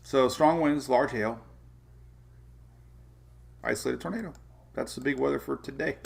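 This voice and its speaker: A man hosting a weather show, chatting casually and telling an animated story with many restarts and laughs. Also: mid-range voice, a little slow, vocal fry, slightly rough. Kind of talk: casual livestream chat.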